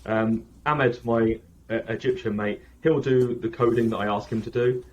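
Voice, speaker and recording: A man's voice: mid-range voice, fairly even intonation, moderate pace, slight background noise. Rambling man, slightly muffled audio. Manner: rambling, self-correcting, frequent "like" and "um". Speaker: app founder, guest. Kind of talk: casual interview talk.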